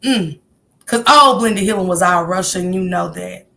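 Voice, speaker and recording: A woman's voice: mid-range voice, a little slow, vocal fry, bright, forceful tone. A woman hosting a casual livestream, talking heartfelt and encouraging as she greets viewers in the chat by name. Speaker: livestream host.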